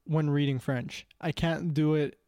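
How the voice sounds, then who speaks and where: Man, Canadian accent, young adult, blunt teasing chat, mellow tone, dry sound. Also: on the high side, fairly even intonation, measured pace, smooth, dry recording. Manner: blunt, teasing, repeats himself. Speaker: friend in group chat. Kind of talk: casual chat.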